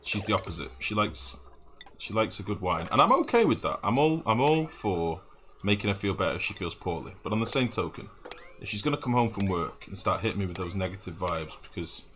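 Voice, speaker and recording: A man's voice: sits low, big pitch swings, brisk, fairly bright tone, slight background noise. A man streaming a game live, rambling and swearing as he builds, often humming and mumbling to himself. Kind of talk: live gameplay commentary.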